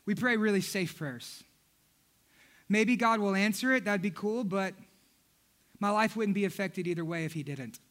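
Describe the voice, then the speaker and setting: A man's voice: high voice, normal speed, pauses often, fairly bright tone. A man, a pastor preaching a sermon in church, telling funny stories and talking straight to the congregation. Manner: humorous storytelling, talking directly to the congregation.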